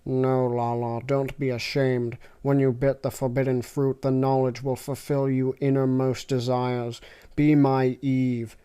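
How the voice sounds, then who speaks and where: A woman voicing a calm male wizard professor who speaks slowly and deeply. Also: smooth. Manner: slow calm deep.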